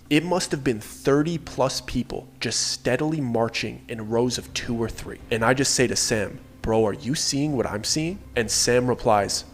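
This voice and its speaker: A man telling a first-person horror story in an earnest, steady way with casual slang. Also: medium pitch, a little hiss or hum.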